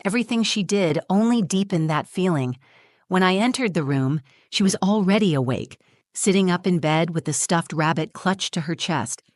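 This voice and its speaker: A woman narrates a scripted first-person story as a mother, with a steady, even delivery. Her voice is on the low side. The recording is close and dry, with no room sound. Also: normal speed, no room sound.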